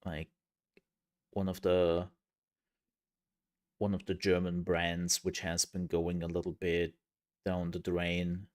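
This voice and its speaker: A man streaming a game chats casually, rambling and joking with restarts and laughs. His voice is deep and monotone, slow-paced, with frequent pauses.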